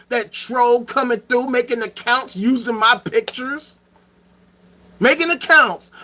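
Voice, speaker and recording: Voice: medium pitch, bright, forceful tone. A streamer host ranting to the chat in a profane, sarcastic and emphatic way. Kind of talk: livestream rant to chat.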